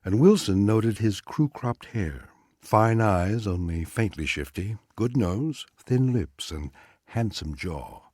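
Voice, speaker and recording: A man narrating a literary short story aloud in an expressive, dramatic reading style. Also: lowish voice, takes it slowly, husky, no echo, studio quality. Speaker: audiobook reader.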